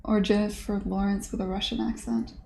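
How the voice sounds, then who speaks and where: A woman's voice: medium pitch, level tone, fairly quick, mellow, slight background noise. A woman streamer chatting casually, rambling along with lots of "like" and restarts. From United States. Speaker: game dev streamer. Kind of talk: casual chat.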